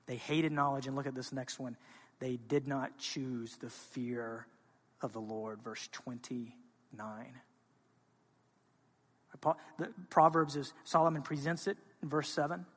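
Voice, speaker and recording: A man preaching a sermon as a pastor, speaking with passion and moving between quiet, intimate stretches and loud, urgent ones. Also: mid-range voice, in a large hall. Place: church sanctuary.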